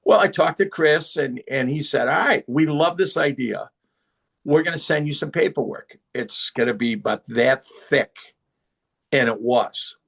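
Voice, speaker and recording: A middle-aged man, a podcast guest, telling stories in a casual, animated way and acting out the voices of people he quotes. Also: mid-range voice, unhurried, gravelly, slightly rough. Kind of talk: casual storytelling.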